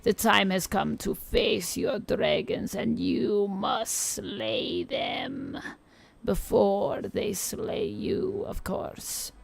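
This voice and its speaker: A woman voicing a crackly old Eastern European witch, reading tarot slowly and solemnly. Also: medium pitch, wildly swooping pitch, exaggerated voice. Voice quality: crackly, gravelly. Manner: slow, solemn fortune-telling.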